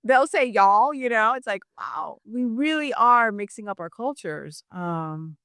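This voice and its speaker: A middle-aged woman from Miami, a writer telling stories in an interview, chatty and animated with lots of asides. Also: a little high, a little slow, smooth, dry recording, studio quality. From Miami, Florida. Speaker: guest writer. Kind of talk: conversational interview.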